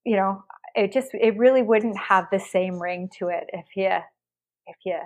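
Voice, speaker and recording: A woman interviewing a guest in casual conversation, asking questions in a halting way. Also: medium pitch.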